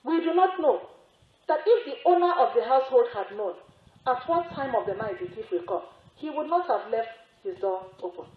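A woman with a fairly high voice delivers a sermon, repeating key phrases and building to emphatic exclamations. Her voice comes through thin and narrow, like a phone line, with a roomy echo around it. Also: animated, a little fast. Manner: repetitive, emphatic storytelling with rising exclamations. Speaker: religious sister preaching. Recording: echoey, phone-like narrow sound.

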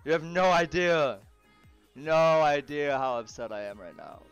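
A man's voice: a little high, measured pace, clean tone, no echo, muffled recording, faint music behind. A man streaming a game live, swearing, groaning in frustration and laughing between outbursts. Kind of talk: live gaming stream chatter.

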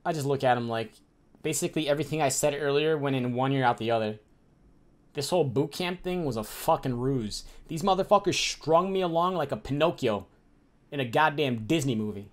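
Young guy from chicago telling his story, lots of swearing, gets heated, slightly high voice. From Chicago area. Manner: profane, heated, acts out the people in his story. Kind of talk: casual storytelling to camera.

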